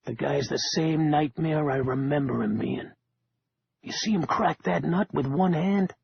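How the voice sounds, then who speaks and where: A man voicing a nervous male con man who grumbles in a low, hushed way. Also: measured pace, creaky, slightly rough, lo-fi sound, exaggerated voice. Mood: grumbling. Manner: grumbling, jittery. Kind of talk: audiobook character voice.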